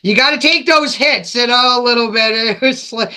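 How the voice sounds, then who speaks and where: A man's voice: extremely high pitch, moderate pace, pushed and bright, clear, resonant tone. A man co-hosting an interview, chatting in a blunt, joking way. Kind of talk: casual interview talk.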